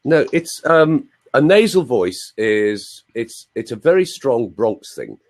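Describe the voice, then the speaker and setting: A middle-aged man coaching voice in an animated, demonstrative way during an online interview. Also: mid-range voice, slow. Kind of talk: live video interview.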